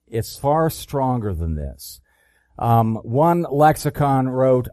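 A man preaching a sermon, reading scripture slowly and deliberately and rising in emphasis on key verses. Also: medium pitch, warm tone, dry recording, clean studio sound.

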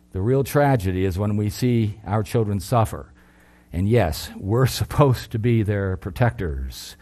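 A middle-aged man preaching a sermon, earnest, lifting his voice for emphasis and then dropping low. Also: mellow.

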